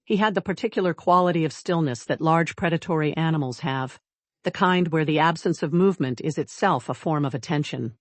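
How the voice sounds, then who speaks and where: An audiobook narrator tells the story in a measured, wry voice. The pitch sits in an ordinary middle register. The recording is close and dry, with no room echo.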